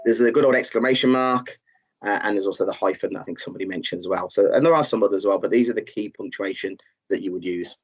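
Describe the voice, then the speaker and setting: A man's voice: on the low side, fast, husky. A man teaching a live online lesson, encouraging learners and reading out their chat answers, with many fillers. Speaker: tutor. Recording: slightly dull, muffled audio.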